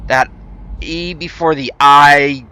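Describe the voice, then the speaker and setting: Bright, clear-voiced rambling game streamer man. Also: fairly high pitch, steady tone, takes it slowly. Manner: rambling, with many fillers and restarts; easygoing and self-deprecating. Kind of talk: casual gameplay commentary answering chat.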